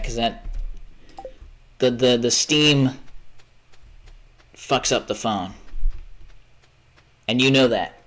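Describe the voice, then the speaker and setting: A tired young man rambling and swearing casually while he plays a game on a livestream. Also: mid-range voice. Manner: rambling, chatty, swears often, trails off. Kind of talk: casual gaming stream chat.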